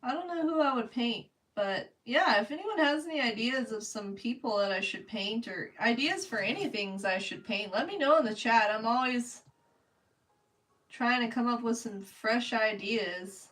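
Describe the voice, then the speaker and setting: A woman's voice: on the high side, animated, moderate pace, fairly bright tone. A woman chatting casually with her viewers while she paints on a live stream, answering them by name and laughing often. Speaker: livestreaming artist. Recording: voice a bit distant from the mic.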